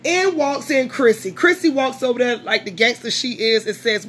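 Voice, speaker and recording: A woman's voice: on the high side, normal speed. Tired, blunt woman vlogger. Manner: blunt, profane, animated recap with quoted voices. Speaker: vlogger recapping a reality show. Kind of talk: casual chat.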